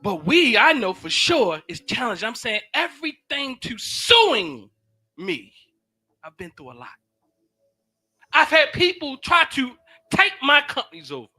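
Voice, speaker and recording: A man giving an impassioned sermon-style talk in a casual, preacherly way, swinging from loud shouts down to low murmurs and repeating phrases. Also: huge pitch swings, unhurried, soft background music. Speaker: speaker giving a teaching.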